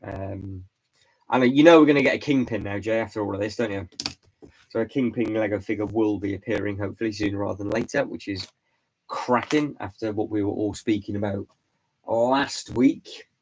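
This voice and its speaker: A man hosting a casual live stream, hoarse and stuffy from hay fever and a lost voice, rambling and repeating his words as he answers chat. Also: fairly low pitch, a little fast, darkish tone, slight background noise, poor audio. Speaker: vlog host doing a live stream.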